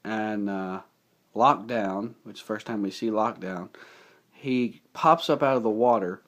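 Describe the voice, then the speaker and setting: A young man giving a casual, rambling movie recap, enthusiastic and full of fillers. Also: on the low side. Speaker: movie reviewer.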